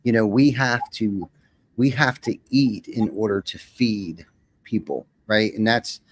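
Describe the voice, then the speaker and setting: A man's voice: on the low side, unhurried, background noise. A man talking as a podcast guest, rambling and often repeating words as he starts a sentence. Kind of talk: casual conversation.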